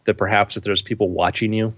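A man's voice: on the low side, fairly even intonation, fast talker, fairly bright tone, no room sound, dull audio. A man running a tabletop role-playing game as game master, describing scenes in a loose, offhand way.

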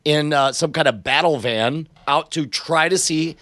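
A man's voice: on the high side, a little slow, dry recording. A man co-hosting a comedy podcast in casual chat, laughing often and restarting his sentences. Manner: animated, laughs often, self-interrupting. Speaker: podcast co-host.

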